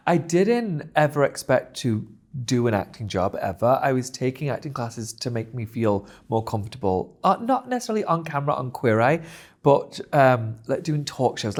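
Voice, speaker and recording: Animated male interview guest. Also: medium pitch. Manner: animated and expressive, laughs often. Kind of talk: casual interview chat.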